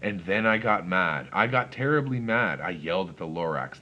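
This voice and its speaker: A man reading a rhyming storybook aloud in first person, with expressive, rhythmic delivery. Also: low voice, normal speed, few pauses, dull audio.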